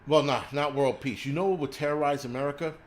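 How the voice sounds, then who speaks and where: A man's voice: fairly high pitch, fairly even intonation, fast talker, a little hiss or hum. A man hosting a livestream, ranting crudely and rambling while he answers viewers' chat. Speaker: livestream host.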